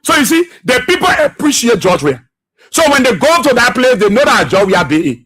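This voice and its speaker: A Liberian man hosts a radio talk show, hammering his points home with fervent repetition like a preacher. His voice sits high and sounds bright and forceful, with a husky edge. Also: very animated, a little fast, soft background music. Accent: Liberian English. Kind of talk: political commentary monologue.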